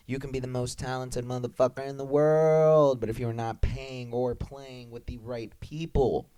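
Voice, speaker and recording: A man co-hosting a podcast in loose, animated chat, swearing freely and slipping into put-on voices. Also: medium pitch, moderate pace, smooth. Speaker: podcast co-host. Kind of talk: casual chat.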